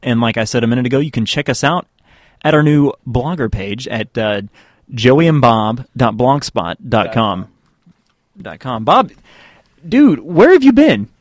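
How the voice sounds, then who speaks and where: A man's voice: mid-range voice, lively intonation, normal speed, no room sound, studio quality. Rambling male radio host. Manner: rambling, with many fillers and restarts. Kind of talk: casual radio banter.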